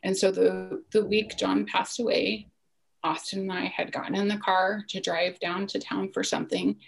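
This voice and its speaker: A woman's voice: mid-range voice, flat delivery, moderate pace, vocal fry, low-quality recording. A woman in her forties, a podcast guest, telling a personal story in an earnest, reflective way that sometimes sinks to a near-whisper.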